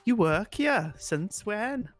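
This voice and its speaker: A chirpy young woman from the arcade, proud to be its pink flamingo mascot, as a man puts her on. Her Welsh lilt is bouncy and her pitch leaps all over the place. Faint game music plays in the background. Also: animated, slow pace, fairly bright tone, dry recording, heavily acted. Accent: Welsh, put on.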